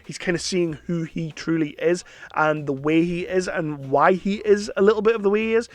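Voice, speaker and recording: A man's voice: high voice, normal speed, no echo. A man giving an enthusiastic, chatty film review, sometimes slipping into playful impressions. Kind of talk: casual film review monologue.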